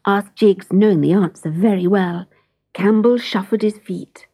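A woman reading a children's storybook aloud, gentle and expressive, often dropping into a whisper. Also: medium pitch, measured pace, slightly rough.

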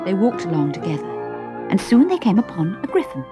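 A woman narrating a storybook in an expressive, lively reading, with faint music behind. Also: medium pitch, fairly quick.

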